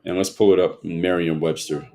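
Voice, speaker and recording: A man's voice: low-pitched, little pitch movement, brisk, dark tone. A man hosting a livestream, reading chat comments aloud and arguing back at them in a lecturing way. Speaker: livestream host.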